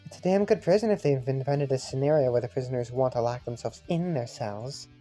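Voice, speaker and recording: A man's voice: mid-range voice, fairly quick, mellow, natural voice. A man voicing a brash, crude young man who picks fights, in a put-on Irish accent, over faint music. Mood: taunting. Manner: crude, mocking, swaggering. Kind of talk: fan visual novel voice acting.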